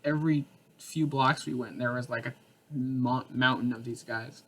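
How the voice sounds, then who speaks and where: A man's voice: medium pitch, steady tone, normal speed, fairly bright tone, husky. A man co-hosting a casual gaming podcast, rambling with lots of fillers and frequent laughter. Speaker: podcast co-host. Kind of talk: casual chat.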